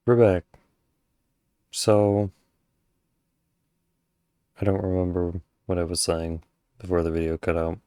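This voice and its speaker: Low-voiced man hosting calm commentary. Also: slow pace, long pauses, clear, resonant tone, dry recording, clean studio sound. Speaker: reaction channel host. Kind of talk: casual commentary on a video.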